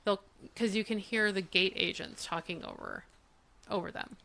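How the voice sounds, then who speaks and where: A woman's voice: mid-range voice, moderate pace, vocal fry, bright, forceful tone. Middle-aged female co-host, mid-range voice, easygoing chat with ready laughs. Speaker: podcast co-host. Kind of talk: casual chat.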